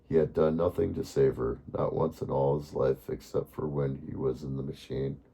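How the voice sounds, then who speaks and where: Man, bedtime story reader, extremely low voice, dark and husky, calm.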